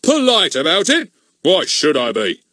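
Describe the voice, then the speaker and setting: A man's voice: fairly low pitch, animated, unhurried, bright, forceful tone, husky, no echo, exaggerated voice. A man voicing a blustering, pompous middle-aged village policeman who stammers when flustered, in an audiobook. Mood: gloating.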